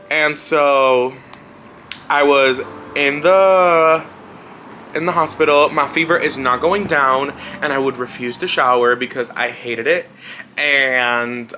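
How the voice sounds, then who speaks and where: A man talks straight to camera in a relaxed storytime vlog, candid and a little wry, with the odd curse and laugh. His voice sits fairly high and sounds bright and forward. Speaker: vlogger. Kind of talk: casual storytime monologue.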